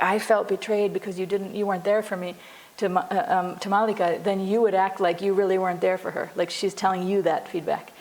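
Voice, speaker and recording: Woman psychologist, conversational class lecturer, earnest, even middle pitch. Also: poor audio. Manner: earnest, explains with acted example dialogues; frequent "you know" and restarts.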